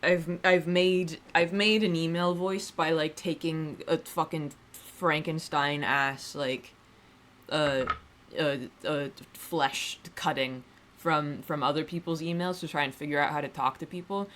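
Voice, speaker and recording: A woman's voice: low-pitched, fairly even intonation, measured pace, a bit bright, slight background noise. Woman, livestreamer, casual chat, rambling, wry, self-deprecating, swears offhandedly.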